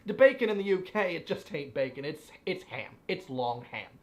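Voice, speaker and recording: A man's voice: a little high, lively intonation, moderate pace. A young American man living abroad, giving playful, exaggerated complaints in a comedic vlog. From United States.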